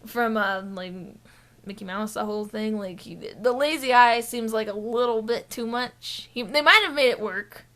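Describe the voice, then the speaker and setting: A woman's voice: fairly high pitch, moderate pace, a bit bright. A woman co-hosting a casual gaming podcast, chatty and giggly, rambling with lots of fillers. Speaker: podcast co-host. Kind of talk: casual chat.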